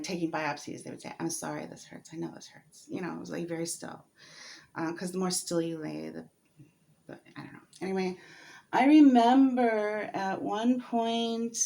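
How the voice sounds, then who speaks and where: Low, gravelly-voiced woman vlogger. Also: darkish tone. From United States. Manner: hesitant and candid, many fillers, laughs while talking. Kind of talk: personal story vlog.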